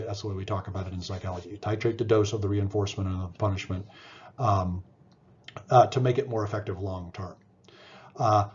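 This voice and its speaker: Middle-aged male lecturer, relaxed warm tone, chatty with restarts, lo-fi classroom recording. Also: lowish voice. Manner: conversational, many fillers and restarts, asks "right?". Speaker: psychology lecturer.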